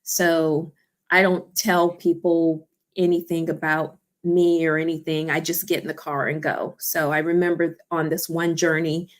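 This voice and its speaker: A woman's voice: low voice, level tone, a little slow. A woman who founded a support organization tells a personal story in an interview, earnest and heartfelt, often saying "you know" and "I remember".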